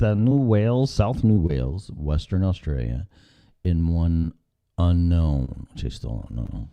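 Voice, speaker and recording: Deep-voiced, rambling sarcastic male host. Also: sing-song, measured pace, gravelly, warm tone, highs cut off. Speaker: podcast host. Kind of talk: casual live-stream chat.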